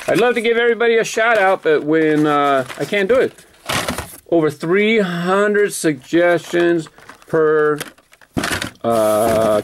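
Man, gravelly, somewhat high voice, chatty unboxing commentary, self-correcting. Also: background noise. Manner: chatty, self-correcting, enthusiastic about details. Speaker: toy car collector vlogger.

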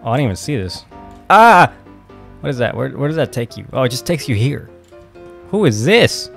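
A young man casually commenting while playing a game, flustered and excitable, often exclaiming and swearing. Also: medium pitch, normal speed, gravelly, faint music behind. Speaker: gaming video host.

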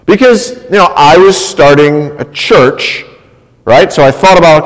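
A man's voice: a little high, expressive, a little slow, long pauses. A male pastor preaching a sermon, telling a personal story in a conversational way and often checking in with "right?". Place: church sanctuary. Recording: long church reverb.

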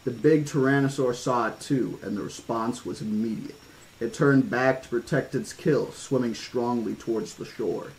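A man's voice: mid-range voice, moderate pace, a little mellow, poor audio. Guy reading a horror novel aloud, chill and casual, little asides, faint hiss behind. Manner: casual asides and restarts between passages. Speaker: audiobook reader.

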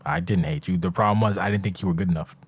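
A man's voice: low-pitched, very fast, breathy edge, no echo. A man hosting a casual podcast chat, blunt and teasing, swearing freely. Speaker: podcast host.

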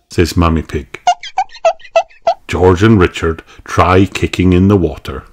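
Male storybook reader, lower voice, slow and highly expressive for young children. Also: background noise. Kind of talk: children's book read aloud.

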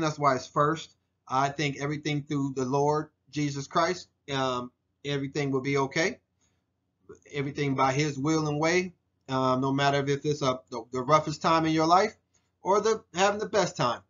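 A man's voice: fairly high pitch, moderate pace, dull audio. A man in his forties narrating a photo slideshow presentation for a class, earnest and heartfelt, with frequent ums and restarts. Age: 40s. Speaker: student presenter.

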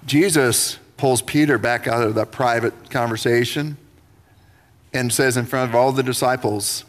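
A man preaching a sermon, telling the story with lively, acted-out voices for the figures. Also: medium pitch, a little slow. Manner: animated storytelling, acting out biblical figures. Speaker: pastor. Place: church sanctuary. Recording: reverberant church livestream.

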